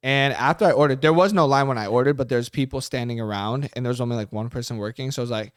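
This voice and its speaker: Laid-back young man with a smooth voice. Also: medium pitch, fast talker, hardly any pauses, no room sound, clean studio sound. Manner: joking, laid-back storytelling. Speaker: podcast co-host. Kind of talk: casual chat.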